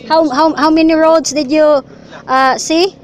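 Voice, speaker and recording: A young woman with a Filipino accent talks in a high, unhurried voice, giggling often as she vlogs her outing. She is recorded outdoors on a handheld camera, with steady noise behind her. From Philippines. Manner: excitable, giggly, chatty. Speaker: vlogger. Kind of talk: casual travel vlog. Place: outdoor resort, partly on a cable car.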